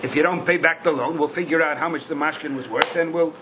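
A man's voice: on the high side, steady tone, quick pace, background noise. An older man teaching a Talmud class, questioning in a singsong and punching key points with bursts of emphasis. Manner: questioning singsong, bursts of emphasis, Yiddish-style Hebrew terms.

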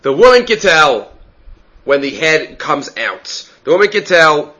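A man's voice: on the high side, big pitch swings, a little slow, pushed and bright, rough recording. A man giving a casual Talmud study lecture, reading Aramaic phrases and explaining them in English, often asking "right?". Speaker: Talmud teacher.

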